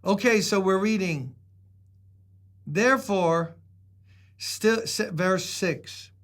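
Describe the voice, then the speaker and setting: High-voiced older New York pastor. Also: male voice, slow pace, a bit bright. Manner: chatty, joking asides before reading scripture with rising emphasis. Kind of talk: sermon.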